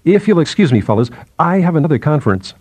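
A man's voice: sing-song, fast talker, a little mellow, breathy edge, dry recording. A man voicing an anxious young male assistant professor who speaks in a strained, agitated way. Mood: distressed. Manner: agitated, strained, rising in pitch.

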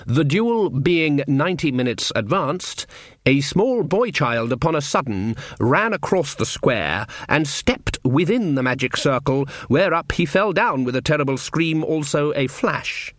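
A man narrating a story with wry, expressive storytelling. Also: a little high, unhurried, no echo, clean studio sound. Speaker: audiobook narrator. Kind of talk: scripted narration.

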